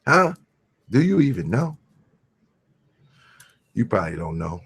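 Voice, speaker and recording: In a medium-pitched, sing-song voice with vocal fry and a breathy edge, this host speaks a little slowly. His show features a profane ranting monologue that's crude and mocking, bouncing between shouts and mutters.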